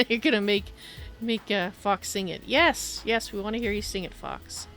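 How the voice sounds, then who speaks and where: A woman's voice: mid-range voice, moderate pace, a bit bright, soft background music. A woman streaming a game, chatting casually, apologizing and reading chat aloud. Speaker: livestreamer. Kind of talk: casual gameplay commentary.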